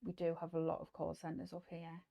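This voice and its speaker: A woman's voice: low voice, monotone, brisk, gravelly, warm tone. A woman with a Geordie accent hosting a casual sewing live stream, chatting through viewer comments with lots of fillers and restarts and dropping to near-whispers at times. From North East England.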